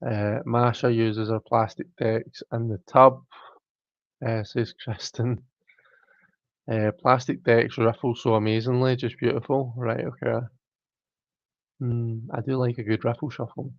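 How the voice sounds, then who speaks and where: A man's voice: medium pitch, level tone, unhurried, dry recording, dull audio. A man with a British accent hosting a live stream, casually reading viewer comments aloud and chatting back in a self-mocking way. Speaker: livestream host.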